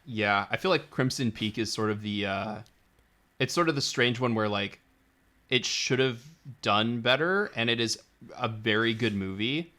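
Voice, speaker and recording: A man's voice: medium pitch, moderate pace, sharp tone. A man co-hosting a podcast, chatting enthusiastically with frequent restarts. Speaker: podcast co-host. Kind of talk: casual chat.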